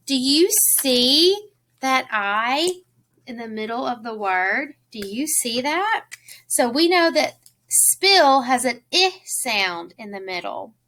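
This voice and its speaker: A woman with a high, bright voice teaches young children phonics. She talks very slowly and sounds out each letter with care. She asks the listener easy questions along the way. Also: animated. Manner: slow, clearly sounds out letters and words.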